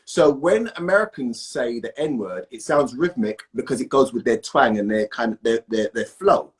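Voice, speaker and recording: Male guest, animated and emphatic, mid-pitched. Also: moderate pace. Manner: animated, emphatic, asks "right?" often. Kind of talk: casual conversation.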